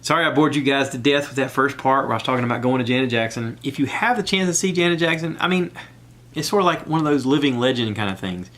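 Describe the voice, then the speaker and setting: A man's voice: medium pitch, animated, fast, fairly bright tone. A man hosting a solo podcast, talking in a chatty, rambling way and recommending things with enthusiasm. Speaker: podcast host. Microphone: iPad recording app.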